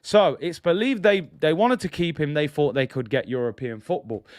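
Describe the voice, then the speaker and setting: A man's voice: fairly high pitch, normal speed, no room sound, clean studio sound. A man hosting a casual football fan livestream, chatty and slangy. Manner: chatty, slangy, laughs at own jokes. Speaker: football channel host.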